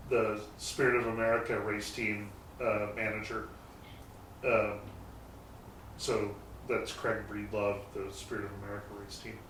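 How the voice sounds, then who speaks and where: A man's voice: fairly low pitch, a bit bright, distant mic. A man tells loose, meandering stories about his shop, dropping the occasional curse word. He sits some way from the mic in a roomy garage that echoes noticeably, and a faint noise hums underneath. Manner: rambling anecdotes with mild swearing. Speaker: guest, garage shop owner. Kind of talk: casual storytelling chat.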